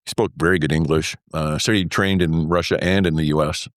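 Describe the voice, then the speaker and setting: Deep-voiced man, interview guest, rambling and wry, dry close sound. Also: steady tone, fairly quick, no echo. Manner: rambling, filler-heavy, wry with laughs. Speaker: interview guest, former pilot. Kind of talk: casual storytelling interview.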